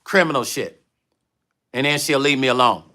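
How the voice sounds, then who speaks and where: A man's voice: mid-range voice, moderate pace, bright, forceful tone. A man hosting a candid livestream, telling blunt stories and reading viewer comments aloud. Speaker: livestream host and musician.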